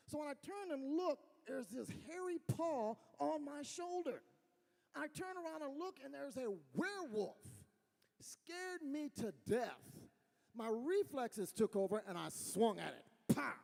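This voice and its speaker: A man with a West Texas accent doing folksy, animated stand-up storytelling on a fair stage. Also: high voice, long reverb tail. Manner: animated storytelling, folksy, laughs at own jokes. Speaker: stand-up comedian. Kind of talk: stand-up comedy.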